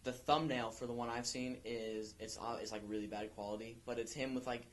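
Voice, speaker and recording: A man's voice: medium pitch, fairly even intonation, brisk. A young man co-hosting an amateur podcast, chatting casually and rambling with many restarts. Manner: rambling, full of restarts and fillers. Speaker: podcast co-host. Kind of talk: casual chat.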